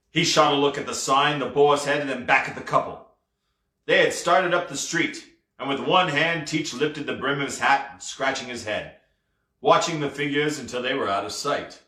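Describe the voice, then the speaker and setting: A man's voice: medium pitch, pushed and bright, reverberant. A man reading a novel aloud expressively, with casual asides. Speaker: storybook reader.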